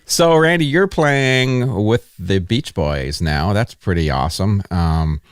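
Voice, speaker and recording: Deep-voiced enthusiastic male host. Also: expressive, slow, dry recording, clean studio sound. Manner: enthusiastic, affirming interviewer. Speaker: podcast host. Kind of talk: casual interview chat.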